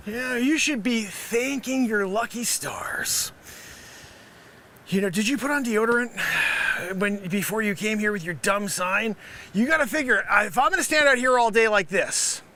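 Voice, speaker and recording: A man's voice: high voice, bright, forceful tone, slight background noise. A man hosting a live stream, riffing through an improvised comedy bit as a street reporter with rambling, teasing asides. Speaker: live-stream variety host.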